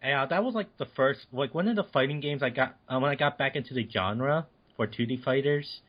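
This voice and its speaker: Halting casual man, muffled lo-fi sound. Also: mid-range voice. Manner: halting, restarts and fillers, easygoing. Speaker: podcast co-host. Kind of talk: casual chat. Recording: dull lo-fi recording.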